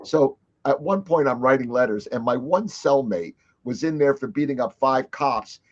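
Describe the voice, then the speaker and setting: A man hosting a casual interview, telling stories in an animated way and laughing through them. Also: mid-range voice, normal speed. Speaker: podcast host. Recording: dull lo-fi recording.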